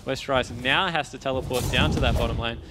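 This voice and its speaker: A man with an Australian accent, commentating a video game match on a headset and calmly explaining the mechanics in detail. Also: medium pitch, fairly quick, heavy background noise. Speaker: esports caster. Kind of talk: play-by-play commentary.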